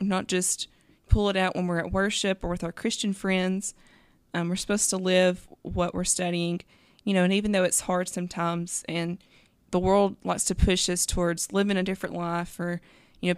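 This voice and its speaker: Woman co-host, lowish smooth voice, easygoing and rambling. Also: normal speed, no room sound. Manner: relaxed, rambling, frequent "you know". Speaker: podcast co-host. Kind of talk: casual faith discussion.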